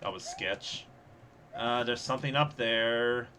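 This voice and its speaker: A young man giving live, sarcastic gameplay commentary as he streams, reacting fast and laughing at his own mishaps. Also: mid-range voice, bright, forceful tone, slight background noise. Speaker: streamer playing a level contest.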